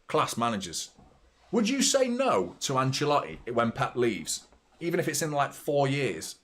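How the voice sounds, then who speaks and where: A middle-aged man, hosting a live football watchalong, chatting and reacting loudly to the play, with some swearing. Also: medium pitch, wildly swooping pitch, measured pace. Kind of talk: live match watchalong commentary.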